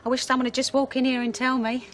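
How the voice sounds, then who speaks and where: A woman's voice: high-pitched, level tone, fast, a bit bright, slight background noise. An actress playing a brassy, wisecracking pub landlady in a 1980s TV soap, with a sardonic, dramatic manner. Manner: sardonic, dramatic, calls people darling. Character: brassy, wisecracking London landlady in emotional turmoil.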